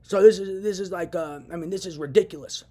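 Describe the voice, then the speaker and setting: Angry, husky-voiced young man ranting. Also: high voice, fast talker, dark tone. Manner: heated, profane ranting with repetitions. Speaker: vlogger. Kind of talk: angry monologue to camera.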